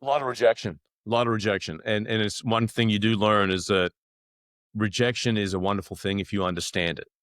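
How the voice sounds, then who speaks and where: A man in his fifties from Australia with an Australian accent, a guest telling animated stories and acting out the dialogue. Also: fairly low pitch, a little fast, dry recording, studio quality. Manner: animated, acts out quoted dialogue. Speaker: actor guest. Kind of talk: casual storytelling.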